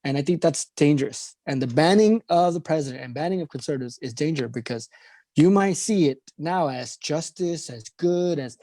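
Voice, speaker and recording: A man's voice: on the high side, normal speed, dark tone, no echo, clean studio sound. A man co-hosting a political talk show, talking in an emphatic, ranting way and repeating phrases for emphasis. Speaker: podcast co-host.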